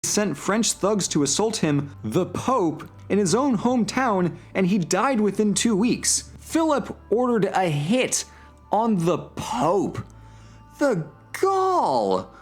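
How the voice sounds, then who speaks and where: A history video narrator reading scripted comedic narration with sarcastic, mock sports-commentator flair. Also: male voice, high-pitched, very animated, slow, faint music behind.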